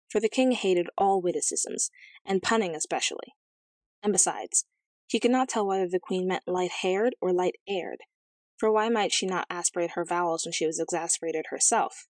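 A woman narrating a fairy tale as an audiobook, in a measured, gently expressive storytelling manner. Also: lowish voice, no room sound, clean studio sound.

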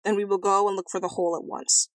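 A woman voicing a hot-tempered, blustering old king in a storybook reading, with loud huffy outbursts. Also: medium pitch, level tone, quick pace, dry recording, lightly acted.

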